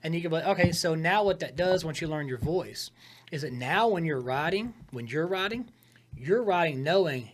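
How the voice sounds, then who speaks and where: A man in casual podcast talk, coaching comedy writing in an emphatic, animated way, shifting his tone for effect. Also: fairly high pitch, normal speed, faint music behind. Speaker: comedian giving writing advice.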